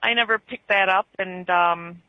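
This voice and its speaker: A woman's voice: mid-range voice, moderate pace, dry recording. A woman caller with an Upper Midwest American accent, chatting casually and rambling, laughing easily, over a muffled phone line. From born in Germany, raised in Wisconsin. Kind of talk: casual call-in chat.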